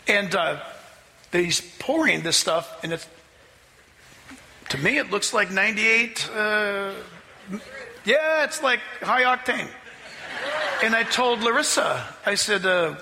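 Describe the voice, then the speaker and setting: A man preaching a sermon as pastor, telling a story with animated delivery that rises toward near-shouting at the climaxes. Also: sits high, takes it slowly, gravelly, pauses often, noisy background. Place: church sanctuary. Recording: hall reverb, faint ambience.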